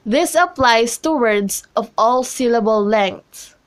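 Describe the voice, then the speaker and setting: A young woman reading a scripted classroom lesson, slowly and carefully, with pauses between listed example words. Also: on the high side. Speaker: student presenter.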